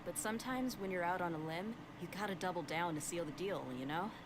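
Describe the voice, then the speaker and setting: A woman's voice: lowish voice, brisk, background noise, close to an everyday voice. A woman voicing a blunt, tough mercenary.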